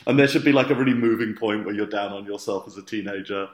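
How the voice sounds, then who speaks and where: A man's voice: fairly low pitch, fast talker, reverberant. A man co-hosting a podcast, teasing his partner in playful, casual banter. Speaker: podcast co-host. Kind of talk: casual chat.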